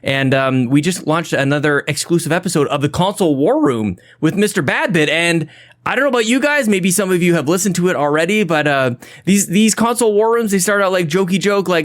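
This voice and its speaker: A podcast host with a high, expressive voice opens his show, talking fairly quickly and sounding a little out of breath. He chats casually and energetically through thank-yous, shout-outs and plans, rambling and laughing at himself.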